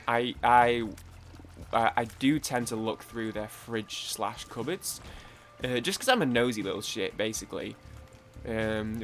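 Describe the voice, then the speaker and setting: A man's voice: mid-range voice, fairly bright tone. A young British man rambling chattily through casual let's-play commentary, full of fillers and swearing. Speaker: gaming YouTuber.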